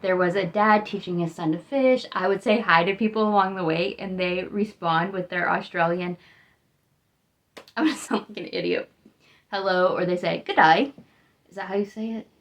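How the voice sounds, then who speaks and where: A young American vlogger chats casually, rambling and upbeat though she sounds tired. Her voice is on the low side, at a normal speed.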